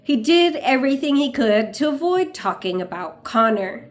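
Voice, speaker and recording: A woman reading a true-crime book aloud in a measured, unhurried way. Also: high voice, sing-song, soft background music. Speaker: narrator.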